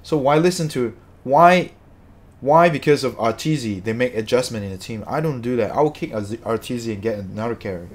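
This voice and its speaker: Speaking briskly at a medium pitch, this streamer angrily rants about the game to his chat, swearing and repeating himself.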